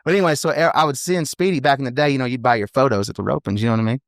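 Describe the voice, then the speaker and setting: A professional team roper in his thirties, guesting on a podcast, tells rodeo stories at a rapid clip in a middle-pitched voice. He is rambling and animated, often checking in with "you know what I mean." The sound is close, dry, and echo-free.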